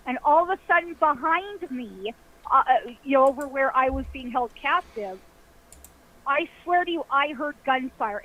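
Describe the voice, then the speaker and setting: A woman's voice: high-pitched, phone-quality sound. A woman caller telling a ghost story vividly, acting out voices and sounds.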